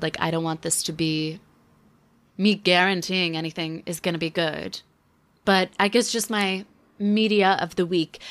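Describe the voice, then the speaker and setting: A woman's voice: fairly low pitch, a bit bright. A young woman hosting a solo podcast, chatting casually with a wry, rambling manner and many fillers. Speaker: podcast host.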